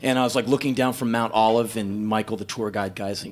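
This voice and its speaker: A man in his fifties telling a profane, animated story as a spoken word performer, breaking into loud shouts. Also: lowish voice, quick pace, hardly any pauses. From United States. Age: 50s.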